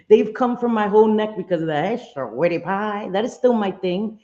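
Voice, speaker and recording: A woman's voice: mid-range voice, lively intonation, normal speed, few pauses, dark tone, highs cut off. A woman hosting a casual livestream, apologetic and chatty, greeting her viewers one by one. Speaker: livestream host.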